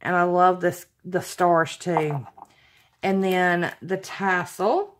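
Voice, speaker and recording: A woman's voice: on the low side, steady tone, takes it slowly, a little hiss or hum. Giddy woman gushing over crafts. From Alabama. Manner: gushing, giddy, laughs often, apologetic. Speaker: craft vlogger. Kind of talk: unboxing vlog chat.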